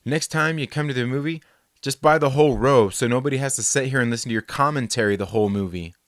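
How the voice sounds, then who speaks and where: Rambling, animated man telling a story. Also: mid-range voice, quick pace, no room sound, clean studio sound. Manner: rambling, animated, swears freely, acts out quoted voices. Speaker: host. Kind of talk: casual storytelling chat.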